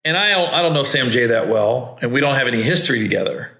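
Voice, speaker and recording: Bright-voiced man telling stories. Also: medium pitch, animated, fast talker. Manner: rambling, with many restarts and mimicked voices. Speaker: podcast host and comedian. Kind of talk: casual storytelling. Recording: echoey room.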